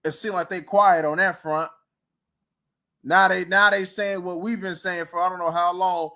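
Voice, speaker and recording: A man's voice: high voice, fairly even intonation, normal speed, pushed and bright. Fired-up man ranting about football. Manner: heated, mocking, rambling with repeated rhetorical questions. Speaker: podcast host. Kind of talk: casual sports talk rant.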